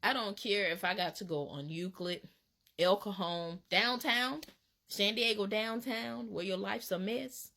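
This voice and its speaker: A woman from Alabama, telling a casual storytime in an animated, dramatic way with laughs. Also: mid-range voice, a little slow, creaky. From Alabama, USA. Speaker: vlogger.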